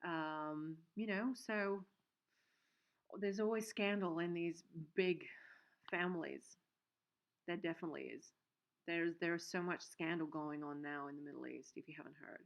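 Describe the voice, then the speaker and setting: A woman's voice: lowish voice, measured pace, gravelly. A woman hosting a casual livestream from her workshop, chatting in a rambling way with many fillers and reading out viewer comments. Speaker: livestream host and soap maker. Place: home workshop. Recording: dull, lo-fi stream audio.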